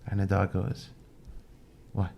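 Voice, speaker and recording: Low voiced podcast guy, laid back storyteller. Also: brisk, vocal fry, muffled recording. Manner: relaxed, joking storyteller. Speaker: host. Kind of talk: casual chat, telling a joke.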